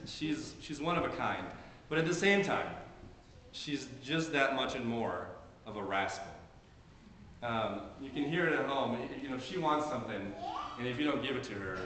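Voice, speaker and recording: A man's voice: mid-range voice, normal speed, background noise. A man preaching a sermon to a congregation in an earnest, conversational way. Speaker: pastor. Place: church sanctuary during a service. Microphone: handheld camcorder in the congregation. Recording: very echoey church, camcorder audio.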